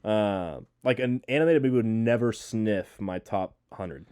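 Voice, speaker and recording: A man co-hosting a movie podcast, chatting casually and excitedly about films. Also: lowish voice, unhurried, clear, resonant tone, no room sound, clean studio sound. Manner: excitable, quotes scenes in raised voices. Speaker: podcast co-host. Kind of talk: casual movie review chat.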